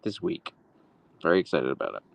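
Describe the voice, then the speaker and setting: A man's voice: deep voice, very animated, fairly quick, vocal fry, no room sound. A man hosting a casual livestream, cooing at his dog in baby talk and reading viewer comments aloud while holding the camera. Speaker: livestream host. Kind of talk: casual livestream chat with pet. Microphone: handheld phone camera.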